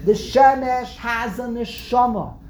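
Brief: woman religious teacher, slightly high voice, animated and repetitive delivery, roomy classroom echo. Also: slow. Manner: animated explaining, frequent word repeats, answers student interjections. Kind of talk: text study class with students. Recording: roomy echo, faint background noise.

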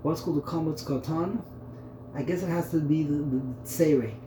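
In an echoey room with a faint hum behind him, a Torah teacher gives a text study lesson. His fairly high voice is brisk and mellow, and he repeats words while thinking aloud through the terms.

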